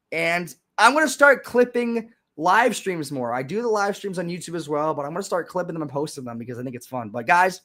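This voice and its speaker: A young man hosting a live stream, chatting casually and sarcastically, with frequent restarts and sudden loud rants. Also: high voice. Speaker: livestream host.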